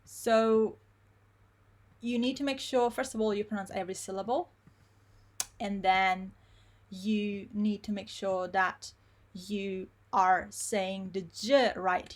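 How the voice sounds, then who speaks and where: A woman teaching pronunciation in a live online lesson, repeating words slowly syllable by syllable. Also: mid-range voice, steady tone. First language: Italian. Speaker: Italian teacher.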